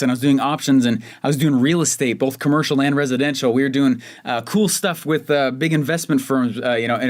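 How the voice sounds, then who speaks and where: A young man from Colorado hosting his own podcast, telling a personal story in a chatty, self-mocking way with lots of fillers and restarts. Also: on the high side. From Denver, Colorado. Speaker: podcast host. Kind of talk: casual solo podcast storytelling.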